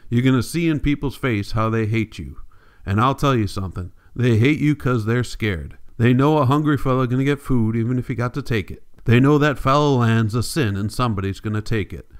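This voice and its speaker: A man's voice: mid-range voice, a little fast, clean tone, natural voice. A man reading the part of a weary, bitter migrant farmer father in blunt rural folk speech, for an audiobook.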